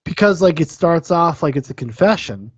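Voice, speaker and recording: A man's voice: a little high, lively intonation, normal speed, no room sound, muffled recording. A man hosting a podcast, talking in a rambling, profane, enthusiastic way about a film. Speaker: podcast host. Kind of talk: casual film-review chat.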